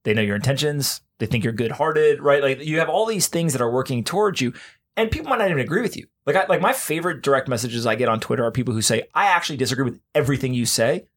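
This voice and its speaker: A man's voice: medium pitch, lively intonation, fairly bright tone. A man hosting a podcast, talking casually and emphatically, often tagging his points with "right?" and speeding up in bursts. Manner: emphatic, keeps checking in with "right?"; fast bursts of talk with restarts. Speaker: podcast host. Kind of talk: casual conversation.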